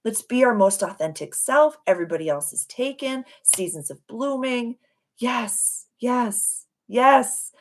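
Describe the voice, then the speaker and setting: Effusive woman livestream host, mid-pitched, gushing, repetitive. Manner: effusive, gushing, repeats phrases. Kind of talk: casual live-stream chat.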